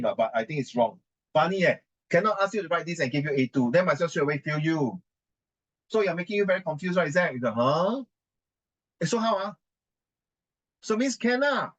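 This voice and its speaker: Here a man with a slightly high voice and lively intonation rushes through an indignant, emphatic rant of writing advice, circling back to the same points. He speaks Singaporean English mixed with Mandarin and Singlish, and the highs of the recording are cut off.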